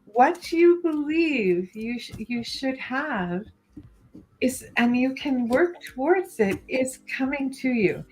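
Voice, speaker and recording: A woman's voice: sits high, expressive, takes it slowly, soft background music, poor audio. A woman co-hosting a live psychic stream, giving encouraging tarot readings and calling listeners "honey" and "darling". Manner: warm endearments, giggly, encouraging. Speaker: co-host psychic reader.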